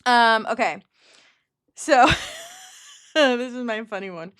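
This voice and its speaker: Chatty higher-voiced young woman. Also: expressive, slow, a bit bright, no room sound, studio quality. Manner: chatty, laughing, swears freely. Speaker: podcast co-host. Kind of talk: casual chat.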